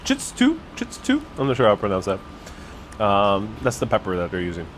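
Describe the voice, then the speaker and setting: Relaxed man live-streaming a food tasting. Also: lowish voice, fast, a little hiss or hum. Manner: relaxed, thinking aloud with fillers and restarts. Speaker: live-stream city vlogger. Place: cafe in the city. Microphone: wireless clip-on mic.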